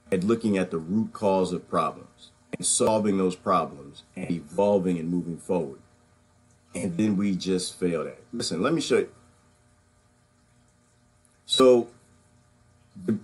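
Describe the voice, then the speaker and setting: A husky, lower-pitched man speaks on a live online stream. He talks in halting bursts and keeps restarting his sentences, close to tears as he goes. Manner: shaken, halting, many restarts and sighs. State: emotional, near tears. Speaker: online show host. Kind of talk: emotional live-stream monologue.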